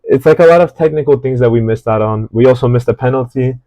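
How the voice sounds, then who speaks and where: A man's voice: mid-range voice, quick pace, dark tone, no room sound, low-quality recording. A man casually analyzing a football match, talking in a rambling, hesitant way with many fillers and restarts. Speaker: football reaction host.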